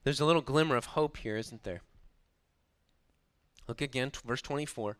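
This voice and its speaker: Male pastor, sermon, bright crisp voice, dry close sound, emphatic delivery. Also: medium pitch, normal speed, long pauses, dry recording. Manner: preaching with rising emphasis and sarcastic asides.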